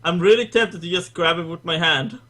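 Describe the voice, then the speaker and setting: A man playing in a tabletop game, excitable and hesitant as he thinks aloud. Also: on the high side, brisk. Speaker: player. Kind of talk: casual tabletop game chat.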